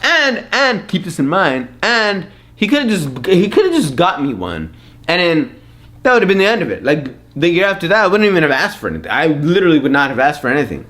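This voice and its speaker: A man's voice: a little high, very animated, brisk, a bit bright. A young man vlogging, telling a comic story in an exasperated, repetitive, mock-indignant way. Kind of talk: comedic storytelling rant.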